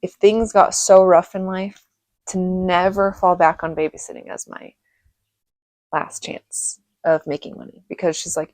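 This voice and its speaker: A woman's voice: lowish voice, fairly even intonation, unhurried, a little mellow, dry recording. Chatty, rambling woman vlogger. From Reno, Nevada. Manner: rambling, chatty, laughs often, many fillers. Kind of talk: casual storytelling monologue.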